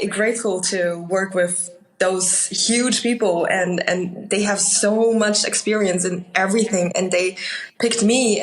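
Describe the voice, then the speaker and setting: A woman's voice: lowish voice, low-quality recording. Chatty woman with a German accent. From Austria. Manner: warm, chatty, laughs often, many fillers. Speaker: actor guest. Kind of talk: casual interview chat.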